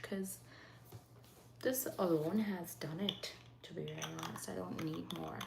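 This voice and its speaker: A woman hosting a live makeup stream, chatting casually and often dropping into soft half-whispers. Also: on the low side, normal speed, creaky. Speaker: livestreaming makeup host. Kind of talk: casual live makeup chat, reading comments. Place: at home in Saskatchewan. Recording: faint background noise.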